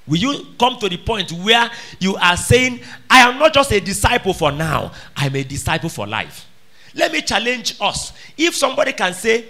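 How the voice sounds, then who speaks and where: A man preaching with a bright, high voice that leaps up and down as he drives his points home. He fires repeated questions at the congregation and swings from shouted lines to quiet ones. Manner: emphatic, calls out questions to the congregation. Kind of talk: sermon.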